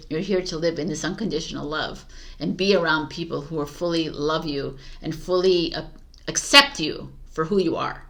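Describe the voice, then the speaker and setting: A woman's voice: fairly low pitch, fairly bright tone. A woman giving a casual spoken tarot reading, chatty and encouraging, with frequent fillers and restarts. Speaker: tarot reader.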